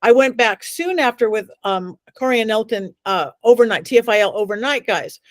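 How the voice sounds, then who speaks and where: A woman's voice: fairly high pitch, expressive, brisk, dry recording. A middle-aged woman telling dramatic stories as an interview guest, acting out the voices of the people she quotes. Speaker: psychic medium guest. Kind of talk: animated interview storytelling.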